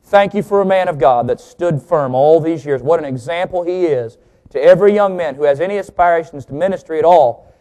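A man preaching a sermon, joking with the congregation, slowing down and stressing key words as he teaches. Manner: lively, joking, pitch swings for emphasis. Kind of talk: sermon with jokes.

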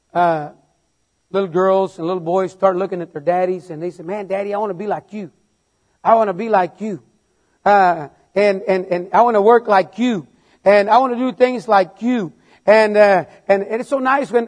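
A middle-aged man preaching a sermon, halting and repeating words, then building into emphatic refrains. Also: high voice, a little mellow.

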